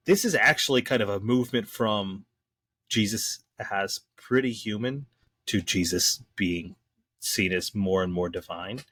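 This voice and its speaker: A man in a casual podcast discussion, explaining things in a lively, slangy way with frequent restarts. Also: fairly low pitch, unhurried, husky, dry recording. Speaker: podcast co-host discussing the Bible.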